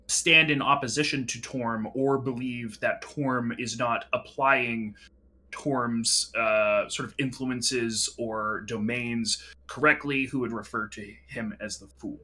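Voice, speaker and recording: A man serving as dungeon master for a tabletop game, his voice bright and forward. He talks through the lore slowly and hesitantly, stopping often on ums and uhs. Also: mid-range voice. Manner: hesitant, many ums while explaining.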